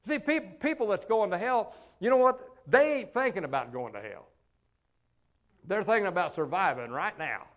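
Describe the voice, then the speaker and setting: Midwestern preacher guy telling a story, kinda high voice, laughs a lot, trips over his words, dull lo-fi recording. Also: expressive, moderate pace. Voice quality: colloquial, chuckling, repeats words at the start of phrases. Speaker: pastor. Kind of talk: folksy storytelling sermon.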